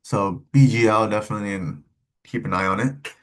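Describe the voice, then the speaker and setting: A young man giving casual, rambling commentary on stock charts, cussing and tossing in quick asides. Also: lowish voice. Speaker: stock trading streamer.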